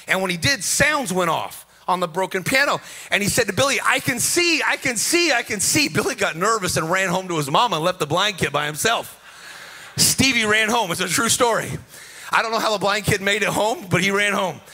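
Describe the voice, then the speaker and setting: With a high-pitched, bright, forceful voice and a fairly quick pace, a man preaches at a conference. His sermon is rousing and full of humor, sung out in a sing-song manner with frequent calls to the audience.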